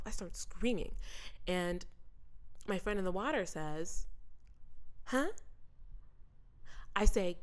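A young adult woman hosting a podcast, telling a story in an animated, chatty way and talking straight to her listeners. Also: fairly low pitch, a little slow, long pauses. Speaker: podcast host. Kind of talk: casual storytelling monologue.

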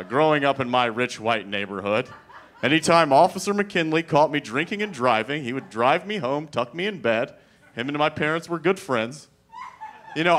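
Fairly high and a bit bright, this man's voice carries a wry, profane stand-up set. He rambles in a conversational, filler-heavy way.

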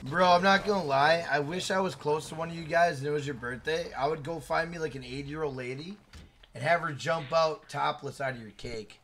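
A man's voice: fairly high pitch, fairly quick, fairly bright tone. A man live-streaming a game, chatting casually, swearing and joking as he reads out viewer messages.

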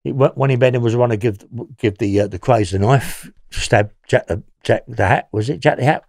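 A man's voice: mid-range voice, a little fast, gravelly, a little mellow, no echo, clean studio sound. A man, a former prisoner telling rambling stories in an interview, swearing and laughing as he goes. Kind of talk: storytelling interview.

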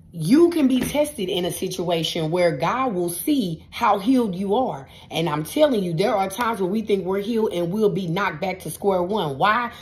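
A woman tarot reader giving a spiritual pep talk to her viewers in a casual, emphatic, repetitive style with a preacher-like cadence. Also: lowish voice. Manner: casual, addresses viewers as y'all.

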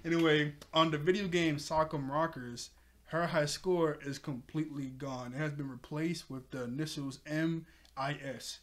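A man's voice: fairly high pitch, normal speed, slight background noise. A man casually recapping a cartoon episode, rambling and laughing often, briefly mimicking characters' lines. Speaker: show reviewer.

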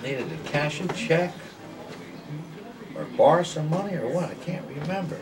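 A man's voice: a little high, animated, moderate pace, a crowd in the background. An older man telling folksy, rambling stories at a lunch table, acting out the voices of the people in them. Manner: folksy rambling anecdotes, acts out quoted voices. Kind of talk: casual storytelling at a lunch table. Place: home dining table during a meal. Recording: distant mic at a noisy table. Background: cutlery and dishes clinking, other people around.

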